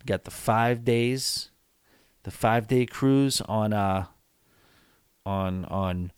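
Man, tired late-night solo podcast host, rambly chatter, lowish voice, dry close sound. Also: slow, smooth, no room sound. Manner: rambling, chatty, many fillers and restarts. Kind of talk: casual solo podcast chat.

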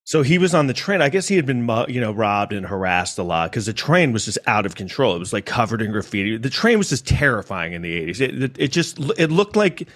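A man's voice: lowish voice, very animated, a little fast, few pauses, fairly bright tone. A man from New York City telling a personal story in a casual monologue, rambling with restarts and asides.

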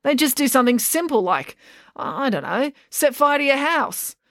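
A woman voices a blunt, matter-of-fact small-town constable, pitching her voice higher than her own into an exaggerated, very animated, fairly bright character voice. She speaks at normal speed, and the recording is dry with clean studio sound.

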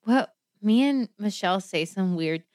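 A woman co-hosting a casual true crime podcast, telling the story with lots of swearing, laughter and quick tangents. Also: mid-range voice, animated, darkish tone, no echo, clean studio sound.

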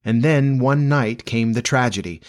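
A man narrating a classic storybook aloud in a measured, expressive reading. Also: medium pitch.

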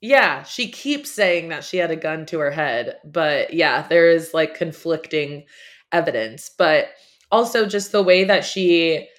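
Woman, podcast host, casual gossip, animated, laughing, lowish voice. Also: a little slow. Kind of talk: casual chat.

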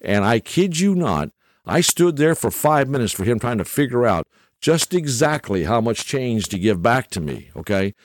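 A middle-aged storyteller spins a rambling, folksy anecdote in a casual monologue, his pitch swinging lively up and down as he keeps checking in with "okay?" The recording is close and dry, without room echo.

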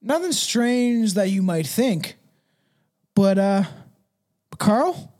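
A man in his thirties co-hosts a podcast and talks in loose, rambling stretches. He laughs often, swears freely and lets his pitch swing up and down as he tells stories. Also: very animated, slow, a little mellow. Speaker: podcast co-host. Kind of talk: casual chat.

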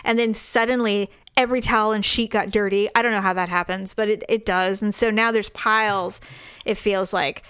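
A woman's voice: mid-range voice, steady tone, normal speed, a bit bright, clean tone. A middle-aged woman hosting a podcast, telling a story in casual chat, acting out quoted voices, swearing and laughing. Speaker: podcast host.

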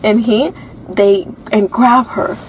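A woman's voice: medium pitch, slow, slight background noise, low-quality recording. A young woman co-hosting a casual podcast, playful and chatty as she tells a story. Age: young adult. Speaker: podcast co-host. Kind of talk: casual chat.

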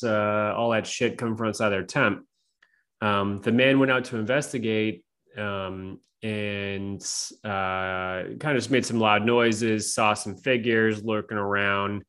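Low-voiced man telling stories, swearing. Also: fairly bright tone. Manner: profane, rambling, filler-heavy. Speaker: podcast guest. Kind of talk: casual storytelling chat.

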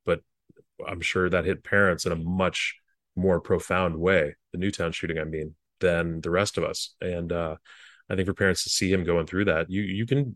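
A former speechwriter, a man, telling earnest stories in an interview, halting often and restarting his sentences. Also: low voice, fairly bright tone, dry recording, clean studio sound. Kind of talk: reflective interview storytelling.

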